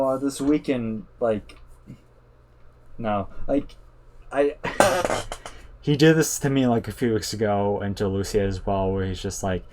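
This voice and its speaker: A man's voice: lowish voice, a little mellow, a little hiss or hum. A man co-hosting a podcast, telling rambling stories in casual chat, swearing and filling gaps with "like" and "um". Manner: rambling storyteller, swears, many fillers and laughs. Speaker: podcast co-host.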